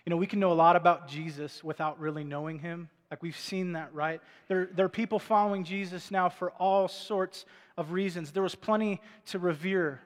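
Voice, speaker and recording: A man's voice: high-pitched, steady tone, normal speed, long reverb tail. A man preaching a sermon as pastor from a church stage, talking in a conversational way and asking the congregation rhetorical questions.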